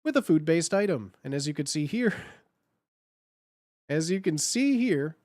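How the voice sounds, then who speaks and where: A man's voice: a little high, big pitch swings, measured pace, darkish tone, no echo, clean studio sound. A man chatting casually on a live stream while he edits slides, thinking aloud and repeating his phrases.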